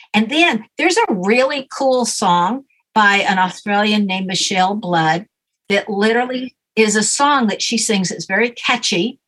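A woman's voice: medium pitch, fairly bright tone, rough recording. A woman guest in an interview, confidently explaining a method step by step. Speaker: guest coach. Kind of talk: casual interview.

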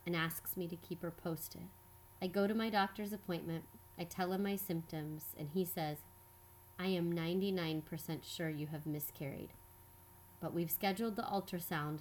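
A woman telling a personal story in scripted narration, measured and reflective. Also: fairly low pitch, slight background noise. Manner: measured, reflective, quietly earnest.

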